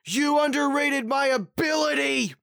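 A man putting on a bombastic, badly dubbed male anime fighter, yelling in broken, overwrought lines. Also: extremely high pitch, measured pace, vocal fry, voice pushed up, full character voice. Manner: overwrought, garbled grammar, yelled.

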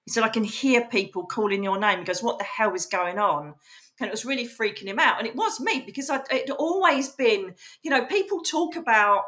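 A woman guest on a podcast, telling her story in a casual, animated and emphatic way and acting out the voices she quotes. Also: fairly high pitch. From England. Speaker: podcast guest, psychic medium.

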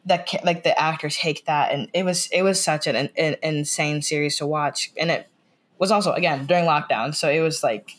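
A woman's voice: sits low, fairly even intonation, a little fast. An American woman chatting as a podcast guest. She rambles, fills her talk with "like" and restarts, and retells scenes by quoting the lines. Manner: rambling, full of "like" fillers and restarts. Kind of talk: casual podcast chat.

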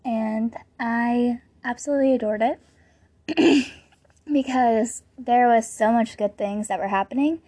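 A woman in her late teens talks casually as a podcast host, rambling from one story to the next with plenty of filler words. Her voice sits a bit high and sounds mellow and warm. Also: slow pace.

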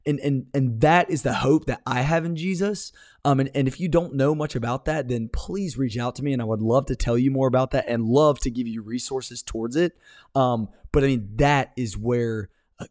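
A man's voice: fairly low pitch, a little mellow, no room sound, clean studio sound. Earnest young man preaching on a podcast. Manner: earnest, many fillers and restarts, laughs to himself. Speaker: podcast host. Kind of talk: faith talk on a podcast.

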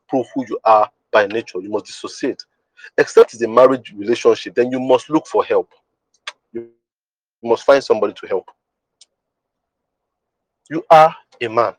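A man's voice: medium pitch, breathy edge, no echo, rough recording. Emphatic man teaching on a podcast. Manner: emphatic and repetitive, with rhetorical checks on the listener. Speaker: podcast host. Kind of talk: teaching monologue.

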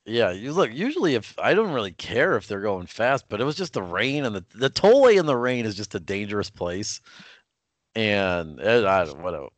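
A man's voice: lowish voice, big pitch swings, normal speed, no echo. A young man, co-hosting a casual sports podcast and telling a story with lots of fillers and restarts. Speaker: podcast co-host.

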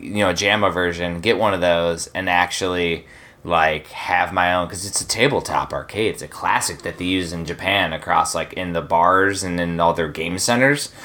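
An enthusiastic man chatting on a relaxed gaming podcast, often breaking into laughter. His voice is very low and deep. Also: normal speed. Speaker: podcast co-host. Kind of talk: casual chat.

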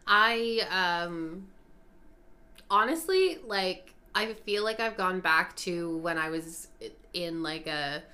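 A woman co-hosting a casual podcast, talking in a rambling, chatty way full of fillers. Her voice sits a little low but has a bright, crisp edge. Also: expressive, slow. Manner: chatty, lots of fillers and asides. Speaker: podcast co-host. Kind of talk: casual chat.

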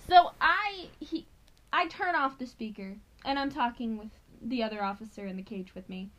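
A woman co-hosting a podcast who tells stories about her work as a prison officer in an animated, swearing way. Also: on the high side, normal speed, rough recording. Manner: animated, swears freely, acts out quoted voices. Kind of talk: casual storytelling chat.

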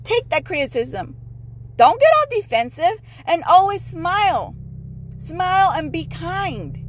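A middle-aged woman with a bright, high voice talks straight into her podcast mic, blunt and emphatic. She sprinkles Spanish words into her casual monologue. A faint hum of noise sits under the recording. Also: sing-song, a little slow, rough recording. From Mexico heritage. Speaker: podcast host.

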